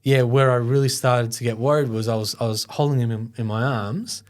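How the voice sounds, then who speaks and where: A man's voice: medium pitch, fairly even intonation, a little fast. Emotional man telling his story. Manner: conversational, many fillers, chokes up at times. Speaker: guest, foundation founder.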